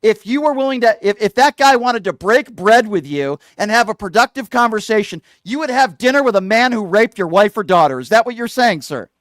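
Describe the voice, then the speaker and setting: A man's voice: high-pitched, lively intonation, a little fast, few pauses, no echo. A middle-aged man hosting a radio call-in show, combative and insulting, hammering the caller with the same question. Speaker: radio talk show host. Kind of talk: heated call-in argument.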